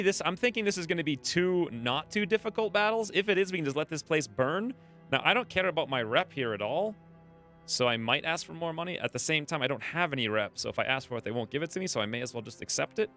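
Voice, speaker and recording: Here a man narrates his strategy game run as let's play commentary, musing aloud in a relaxed, talkative way. He's a gaming video creator whose medium-pitched voice sounds pushed and bright.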